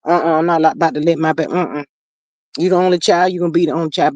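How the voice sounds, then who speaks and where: A woman's voice: deep voice, fairly even intonation, rapid-fire, darkish tone, no room sound. Folksy woman chatting on a live stream. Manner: folksy, sighing, calls viewers "child" and "y'all". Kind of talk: casual live stream chat, reading comments. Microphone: streaming setup. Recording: dry, dull lo-fi stream audio.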